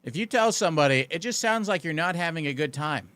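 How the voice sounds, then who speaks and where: A man's voice: fairly high pitch, lively intonation, fast, fairly bright tone, dry recording. A man streaming a game live, chatting casually and answering his chat with dry, sarcastic banter. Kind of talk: casual gaming commentary.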